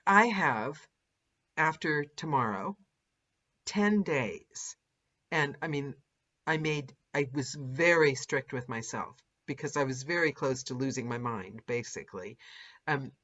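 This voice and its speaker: A woman podcast host who narrates audiobooks, chatting casually and animatedly with a guest. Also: extremely low pitch. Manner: animated, laughs often, lively mimicry. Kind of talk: casual interview chat. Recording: dull lo-fi audio.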